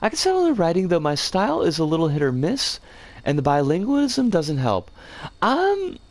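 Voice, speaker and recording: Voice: mid-range voice, huge pitch swings, normal speed, no echo. A game streamer talking casually while building a level, chatting with viewers and often stopping to correct themselves. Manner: rambling, chats with viewers and reads chat aloud; self-correcting, trips over words.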